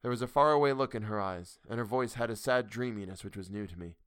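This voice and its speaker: A man narrates a classic novel with measured, steady pacing. His voice sits on the low side. The audiobook recording is dry and close, with no room echo. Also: clean tone. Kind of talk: audiobook reading.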